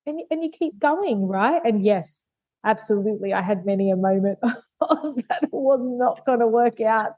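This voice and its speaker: A woman's voice: a little high, normal speed, mellow, no echo, muffled recording. A woman, a podcast guest, telling her life story openly and earnestly, acting out remembered dialogue. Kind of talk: candid life story in conversation.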